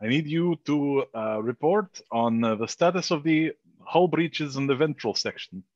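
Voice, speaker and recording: A man playing a chief engineer in a tabletop game, reporting in a measured, officer-like way with fillers. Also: on the high side, lively intonation, no echo, highs cut off. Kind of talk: tabletop role-play.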